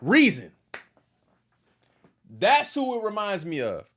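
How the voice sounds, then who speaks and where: A man hosting a casual reaction stream, talking back to a video and shouting out his chat. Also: sits high, slow. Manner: animated, talks back to the video and thanks chat.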